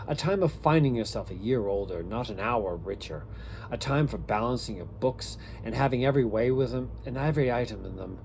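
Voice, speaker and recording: A man reading aloud and voicing a grumpy, miserly old man who barks his retorts loudly. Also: mid-range voice, slight background noise, lightly acted. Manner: scornful, loud barking retorts.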